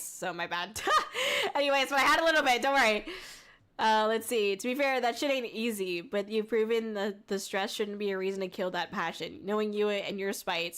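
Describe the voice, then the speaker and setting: A woman's voice: mid-range voice, a bit bright. A woman VTuber streamer chatting casually on a livestream, reading viewer messages aloud, giggling often and swearing freely.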